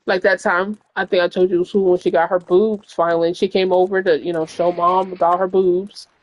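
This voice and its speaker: A woman with a lowish voice and flat delivery speaks at a moderate pace, with the highs cut off in the audio. As a gaming streamer playing at home, she tells a long, rambling story in frank, casual terms, leaning on "like" and "you know."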